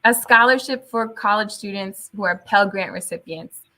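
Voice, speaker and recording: A young adult woman with a bright, crisp tone speaks as a guest in a casual interview. She tells her stories in an animated way, laughing often and switching into Spanish at times. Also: medium pitch, normal speed, a little hiss or hum. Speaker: teacher guest.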